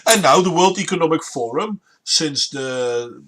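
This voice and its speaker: A man with a Dutch accent hosting a stream, debating politics in a measured, deliberate way. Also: on the high side, animated, fairly bright tone. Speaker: stream host.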